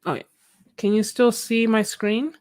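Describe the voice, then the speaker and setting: An art livestreamer chats casually from her home desk while painting, recorded on a phone. Her voice is a little high and a little mellow, with little pitch movement and a measured pace. She rambles, restarts often, leans on fillers, and laughs a lot.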